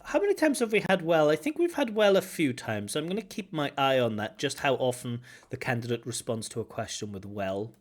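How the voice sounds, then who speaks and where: A man's voice: medium pitch, sing-song, fairly quick, hardly any pauses. A man giving feedback on a speaking test, explaining points and repeating phrases aloud to model intonation. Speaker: IELTS examiner giving feedback. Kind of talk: teaching commentary.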